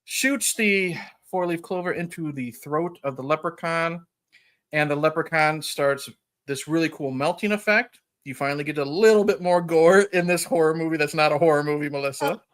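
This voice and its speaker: Bright-voiced man, casual podcast host. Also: on the high side, normal speed. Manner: rambling, chuckling retelling with frequent "you know". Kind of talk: casual chat recapping a film.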